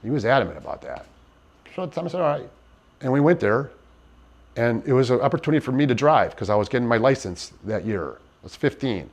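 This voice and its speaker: Man, interview testimony, halting, earnest, frequent restarts, mid-pitched voice. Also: very animated. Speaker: interviewee in a docuseries.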